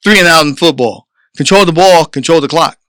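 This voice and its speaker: An emphatic man with delivers a preachy, coach-style motivational monologue for his podcast. His voice sits high and sounds bright and sharp. The recording is dry and close, with no room sound. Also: a little fast, no room sound. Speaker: podcast host.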